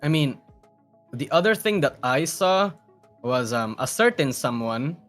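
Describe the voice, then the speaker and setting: A man's voice: a little high, very animated, measured pace, faint music behind. Rambling young man guest on call. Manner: rambling, repeats words, swears, trails off quietly. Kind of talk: casual chat.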